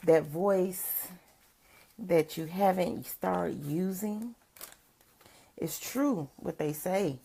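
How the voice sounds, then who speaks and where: An older woman giving a casual livestream chat as a motivational speaker, with a rough morning voice. She is chatty, greets viewers by name and laughs often. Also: fairly low pitch, very slow, pauses often, mellow.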